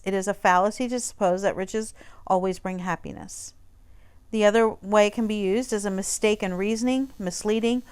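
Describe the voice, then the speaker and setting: Smooth-voiced woman teaching casually. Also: medium pitch. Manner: relaxed, conversational explaining with frequent fillers. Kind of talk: recorded online lesson walking through a textbook page.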